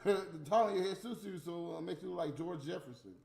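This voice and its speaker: A man with a high, darkish voice and some vocal fry talks a little fast as he smokes a cigarette and heatedly mocks people who aren't present. It's a casual, profane ranting monologue, recorded in an echoey room with faint music behind him.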